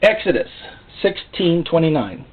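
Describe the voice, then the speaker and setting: A man preaching a sermon in an animated way, often acting out God's voice and the people he quotes. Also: fairly high pitch, a little slow. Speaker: pastor. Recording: phone-like narrow sound.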